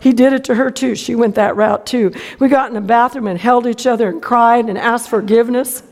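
High-voiced woman preaching with folksy stories. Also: steady tone, a little fast, a little mellow. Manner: folksy storytelling, acts out quotes. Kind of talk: sermon with personal story.

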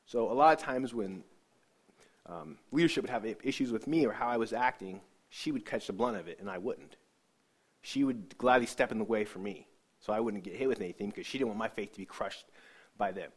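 A man giving an emotional personal testimony about his faith, earnest and halting, often repeating words as he searches for them. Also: mid-range voice. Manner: earnest, halting, repeats himself when moved. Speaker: speaker sharing a faith testimony.

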